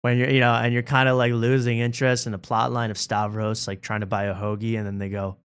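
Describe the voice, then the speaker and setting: A man's voice: medium pitch, flat delivery, quick pace, fairly bright tone, smooth. A man hosting a talk show, riffing in a rambling, joking way. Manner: rambling, riffing, laughs at own bits. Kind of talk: casual comedic chat.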